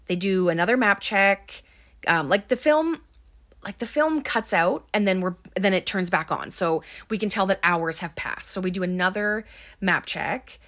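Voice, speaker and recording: A woman's voice: mid-range voice, moderate pace, a bit bright. A woman giving a casual, chatty movie recap, full of ums and likes.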